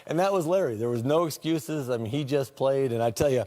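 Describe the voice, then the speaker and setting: A man's voice: mid-range voice, a little fast, warm tone. A man retelling old stories from his playing days, laughing often and slipping into quoted voices. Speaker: former teammate telling stories. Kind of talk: casual storytelling on a talk show.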